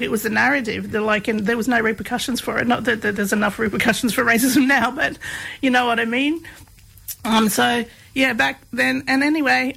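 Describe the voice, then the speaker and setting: Interview guest: woman, gravelly and husky, candid storyteller with a self-mocking edge. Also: on the high side, fairly bright tone, rough recording. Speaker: guest, doctoral researcher. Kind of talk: casual storytelling.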